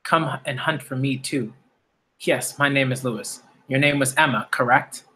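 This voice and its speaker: A man's voice: medium pitch, moderate pace, sharp tone, a little hiss or hum, lightly acted. Man reading as a gleeful demon noble hunter. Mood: gleeful, smug. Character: gleeful cruel male demon aristocrat hunter.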